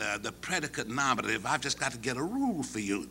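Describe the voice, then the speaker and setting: An older man giving a humorous storytelling speech at an academic convocation, folksy and animated, chuckling as he goes. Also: medium pitch, a little fast, hardly any pauses, a little hiss or hum. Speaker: convocation speaker.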